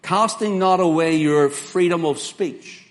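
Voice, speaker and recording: A man delivers a sermon, earnest and emphatic, leaning hard on key words. His voice sits a little high for a man. He quotes scripture in old King James wording. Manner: earnest, emphatic preaching with slow spelled-out words and dramatic quoted lines. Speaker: preacher.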